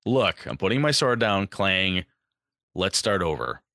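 A man's voice: sits low, sing-song, a little slow, pushed and bright, no room sound, clean studio sound, exaggerated voice. A man voicing a male captain who apologetically backs down and offers to start over. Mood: sheepish. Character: sheepish male captain backing down.

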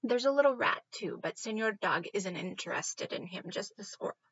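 A woman reading a children's book aloud, expressive and stopping now and then to fix her slips. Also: mid-range voice, normal speed, gravelly, slightly rough, highs cut off. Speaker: reader.

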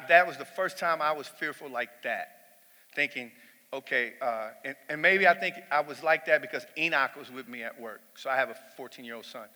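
A man's voice: mid-range voice, pushed and bright, big-room sound. A middle-aged man preaching a sermon in church, telling a personal story in a conversational way and rising to emphatic peaks.

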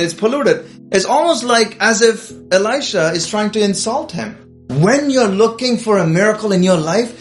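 A male preacher delivering an urgent, exhorting sermon to livestream viewers. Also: high voice. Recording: echoey room with faint music.

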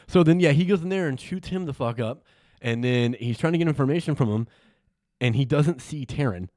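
Fast-talking man recapping a movie. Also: medium pitch, animated, dark tone, no echo, clean studio sound. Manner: retells scenes with quoted dialogue, swears freely. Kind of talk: casual movie recap chat.

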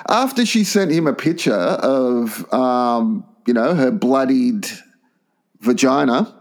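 A man's voice: medium pitch, takes it slowly. A man co-hosting a casual podcast, telling crude stories and laughing often. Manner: animated yarn-spinning, crude, laughs often. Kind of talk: casual chat, storytelling.

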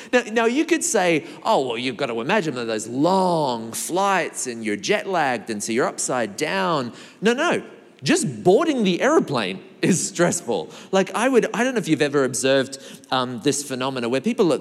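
A man, preaching a sermon as a playful storyteller who acts out other people's voices. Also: medium pitch. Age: 40s. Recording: echoey hall reverb.

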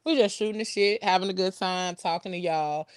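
A woman co-hosting a casual online talk show, telling a story with lively, slang-heavy banter and laughter. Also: on the low side, a little fast, smooth, no room sound, clean studio sound. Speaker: podcast co-host.

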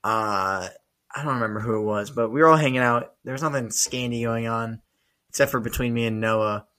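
This young man's medium-pitched voice moves at a brisk clip. As a podcast co-host chatting casually, he tells animated stories, swears often, and laughs in the middle of them.

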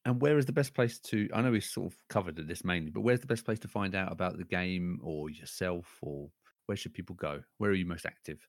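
A man hosts a relaxed podcast in a very low voice. He is friendly and sometimes loses track mid-sentence, and the sound is dry and close. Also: a little fast, no room sound. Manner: friendly, laughing, loses his train of thought. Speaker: podcast host. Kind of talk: casual podcast interview.

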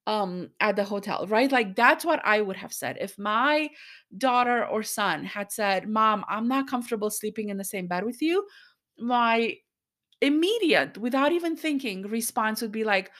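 An angry woman speaks straight to her podcast listeners in a personal monologue, still worked up and frustrated. Her talk comes in bursts, broken by quick asides. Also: a little high, expressive, a bit bright. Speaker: podcast host.

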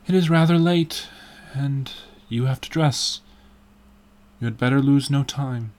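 A man's voice: mid-range voice, a little slow, a little mellow, pitched above the performer's own voice, natural voice. A man reading the part of an earnest, anxious painter in an audiobook, in a sad, pleading way.

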